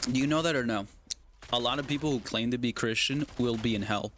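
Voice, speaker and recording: A man's voice: medium pitch, a little fast, a bit bright, slight background noise. Rambling young man telling a story. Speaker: streamer. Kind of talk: casual chat while gaming on a stream.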